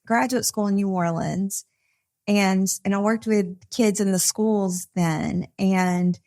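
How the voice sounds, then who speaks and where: A woman's voice: mid-range voice, fairly even intonation, slow pace, darkish tone. Chatty woman therapist talking shop. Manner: chatty, many fillers and restarts, frequent laughter. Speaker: therapist and podcast guest. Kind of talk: casual conversation. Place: recorded live at a conference.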